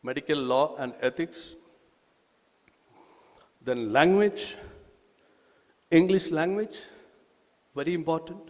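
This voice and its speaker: A man with an Indian accent gives a public talk at an event, presenting a nursing course in a halting, emphatic way with frequent restarts. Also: a little high, animated, in a large hall. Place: event hall.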